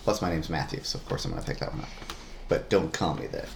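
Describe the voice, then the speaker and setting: A middle-aged man with an extremely deep, low voice, chatting casually as a podcast co-host. He explains things in a relaxed, unhurried way, pausing on ums and uhs. A faint hiss sits under his sensitive microphone. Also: vocal fry. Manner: relaxed, explanatory, hesitant with fillers. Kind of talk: casual family podcast chat. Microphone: sensitive studio microphone.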